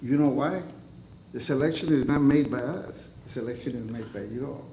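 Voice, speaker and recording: Guy arguing his point at a board meeting, mellow voice, echoey room w faint hum. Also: medium pitch. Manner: insistent, halting, argumentative. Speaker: public commenter at a board meeting. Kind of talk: public comment at a board meeting.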